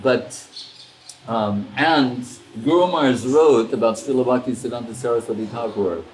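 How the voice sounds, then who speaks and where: A man's voice: mid-range voice, normal speed, slight background noise. A man giving a casual spiritual talk, telling stories animatedly and acting out what people said. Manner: animated storyteller, acts out quoted dialogue, chuckles. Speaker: spiritual teacher. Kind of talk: casual storytelling discourse. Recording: roomy echo with faint ambience.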